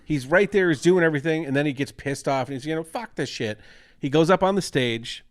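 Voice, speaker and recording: A man's voice: a little high, quick pace. A man co-hosting a podcast, chatting casually about a film, swearing freely and acting out lines. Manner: animated, profane, acts out lines in big voices. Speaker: podcast co-host. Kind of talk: casual film review chat.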